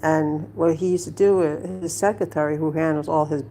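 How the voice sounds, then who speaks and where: A woman's voice: deep voice, fairly even intonation, moderate pace, mellow, slight background noise. A woman at home telling a story to her viewers in a blunt, rambling way, swearing freely. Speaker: vlogger. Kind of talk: casual storytelling to camera.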